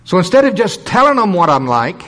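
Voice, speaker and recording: A preacher voicing fatherly, high-pitched God. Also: sing-song, a little fast, a bit bright. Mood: fatherly resolve.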